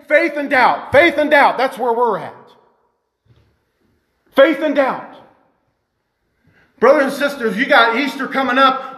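A male preacher delivering a fervent sermon in a very high-pitched voice. He reads the text aloud and stops to explain it, and he rises to shouts of emphasis. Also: expressive, a little slow, pauses often.

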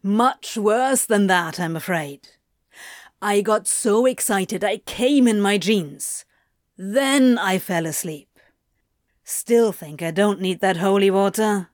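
A woman's voice: mid-range voice, slow, no room sound, close to an everyday voice. A woman reading a story aloud and voicing a sarcastic, flustered male demon with a dry, mirthless drawl. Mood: sardonic. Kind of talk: audiobook fan fiction reading.

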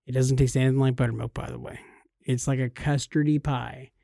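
A man's voice: medium pitch, flat delivery, a little fast, gravelly, mellow, dry recording, clean studio sound. A man from California co-hosting a podcast, chatting casually in an enthusiastic, playfully boastful way. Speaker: podcast co-host. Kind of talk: casual chat.

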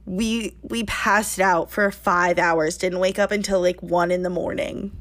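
A woman in her twenties telling a lively story on a casual podcast, laughing often and saying "like" a lot. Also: on the low side, measured pace. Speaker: podcast co-host.

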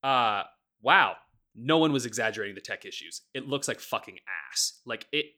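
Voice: medium pitch, expressive, moderate pace, bright, forceful tone. A podcast co-host in casual chat, ranting with heavy profanity and laughing often while talking.

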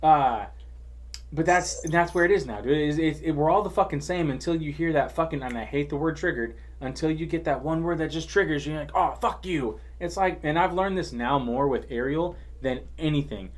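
A man's voice: on the high side, brisk. A man in a casual podcast conversation, talking in a heated, profane way with lots of stammered restarts.

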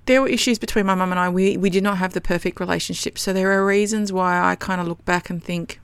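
A woman's voice: on the low side, steady tone, fast, clean tone, dry recording. A woman hosting a podcast, telling a personal story in a candid, rambling, emotional way and swearing freely. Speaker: podcast host.

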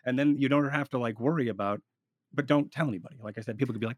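A fast-talking man rambles animatedly through roleplay advice in a casual podcast conversation, restarting sentences as he goes. His voice is middle-pitched, and the recording is close and dry with no room around it.

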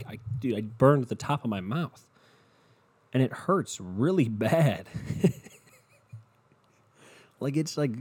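Brief: young male podcast host, profane rambler, lowish pitch, soft dark tone. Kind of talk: casual solo monologue. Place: at home in bed with his dog. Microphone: home podcast mic.

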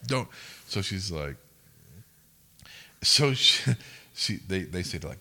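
A man's voice: low voice, expressive, takes it slowly, pauses often, bright, forceful tone. A young man co-hosting a podcast, telling rambling, profane stories in casual chat. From United States. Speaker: podcast co-host.

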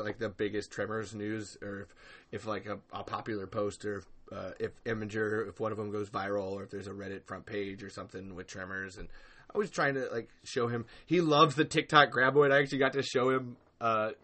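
A man hosting a podcast, ranting in casual chat, swearing a lot and acting out other people's words in loud bursts. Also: fairly even intonation, brisk. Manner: profane, ranting, acts out quoted people in loud high bursts. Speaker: podcast host.

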